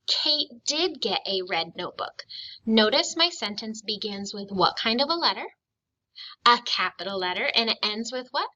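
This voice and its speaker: Woman, primary phonics teacher, fairly high voice, drawn-out words, asks questions and pauses for answers. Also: bright, forceful tone, highs cut off. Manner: slow and clear, stretching out sounds and syllables. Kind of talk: recorded phonics lesson for young children.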